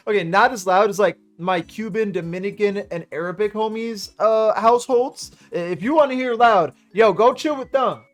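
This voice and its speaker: A man hosting a react channel, giving sarcastic casual commentary with swearing. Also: sits high. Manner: sarcastic, swearing, laughs between words.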